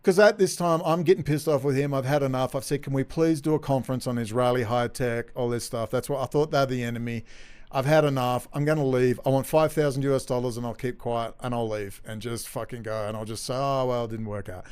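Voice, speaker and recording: A man's voice: mid-range voice, steady tone, fairly quick, a little mellow, clean tone. A man from Australia, telling a rambling, profane, agitated story straight to camera. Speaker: vlogger.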